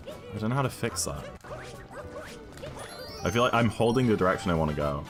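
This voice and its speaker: A man's voice: fairly low pitch, lively intonation, brisk, long pauses, music in the background. A British man streaming a video game, chatting casually and thinking aloud while answering viewers' questions. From United Kingdom.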